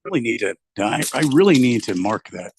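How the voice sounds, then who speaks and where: A man's voice: medium pitch, very animated, fairly quick, slight background noise. A man hosting a casual radio show, reading out listener messages in a loose, easygoing way with lots of fillers. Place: home studio in Arizona.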